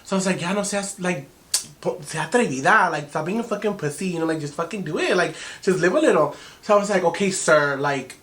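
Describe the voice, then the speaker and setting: Animated young man telling a storytime. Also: high voice, a little fast. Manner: animated, profane, mixes Spanish into English. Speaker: vlogger. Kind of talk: storytime vlog.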